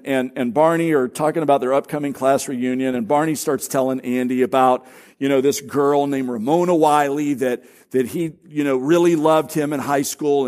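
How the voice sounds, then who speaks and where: A man's voice: a little high, a little mellow. A middle-aged man preaching as a pastor, telling stories conversationally with self-deprecating humor. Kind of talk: conversational sermon.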